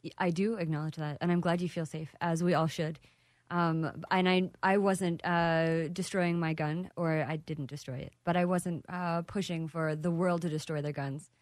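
A Texan woman appears as a guest in a casual interview, speaking thoughtfully but hesitantly with many fillers. Her voice is lowish and fairly even in intonation at a moderate pace, recorded dry with clean studio sound.

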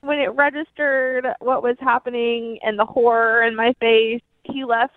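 A woman's voice: fairly high pitch, flat delivery, unhurried, no echo. A woman calling a radio show, embarrassed and hesitant. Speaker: caller on the phone. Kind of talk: phone call to a radio show. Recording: tinny phone line.

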